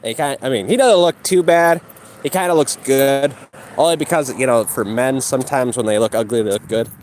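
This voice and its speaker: A man's voice: medium pitch, brisk, darkish tone, slight background noise. A man ranting and mocking his critics with heavy profanity while he exercises outdoors. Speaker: livestreamer.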